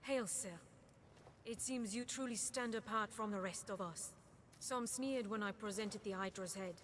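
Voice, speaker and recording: An actress playing a troubled captain of soldiers, speaking formally and earnestly. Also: female voice, mid-range voice, moderate pace, fairly bright tone, a little hiss or hum, lightly acted.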